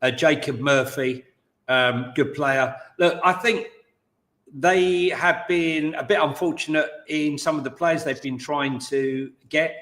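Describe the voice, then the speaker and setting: A man co-hosting a football podcast, talking through the news in a relaxed way with plenty of "um" and "look". His voice is a touch high. The room around him sounds echoey. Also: slow. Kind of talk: casual football chat.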